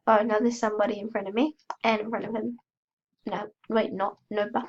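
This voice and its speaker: A woman's voice: a little high, level tone, brisk, creaky, a little mellow, dull audio. A woman with a cold giving chatty, self-mocking commentary as she plays, gasping and squealing when startled. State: has a cold. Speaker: gaming channel host. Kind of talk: casual gameplay commentary.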